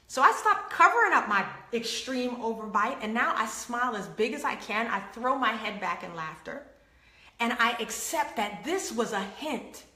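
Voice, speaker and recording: A woman hosting an inspirational faith talk, telling stories with acted-out quotes and lively laughter. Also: a little high, roomy sound. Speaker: host.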